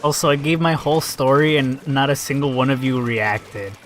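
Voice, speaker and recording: A man chatting casually while streaming a video game, rambling and swearing, breaking into laughs and sudden excited yells. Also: medium pitch, moderate pace, slight background noise. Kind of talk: casual live-stream chat while gaming.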